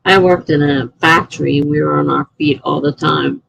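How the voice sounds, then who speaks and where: Gravelly-voiced chatty middle-aged woman. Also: sits low, steady tone, normal speed, a bit bright, a little hiss or hum, low-quality recording. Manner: chatty, answers chat messages, laughs often. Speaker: live streamer and writer. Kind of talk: casual live-stream chat.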